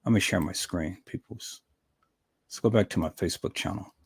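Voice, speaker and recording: A man's voice: low-pitched, normal speed, creaky, breathy edge. A man hosting a commentary live stream, greeting chat viewers by name and often calling his audience "peoples", with many repeated words. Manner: repetitive, addresses viewers as "peoples".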